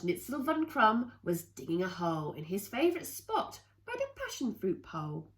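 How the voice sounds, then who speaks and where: A woman reading a rhyming picture book aloud to children, in an expressive sing-song way with playful asides. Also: mid-range voice, normal speed. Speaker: children's storyteller.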